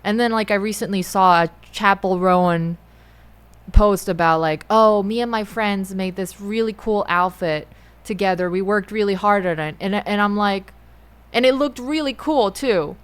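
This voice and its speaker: A young adult woman talking through her feelings in a personal monologue, halting and often rephrasing herself. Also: mid-range voice, clear, resonant tone. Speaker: musician and host.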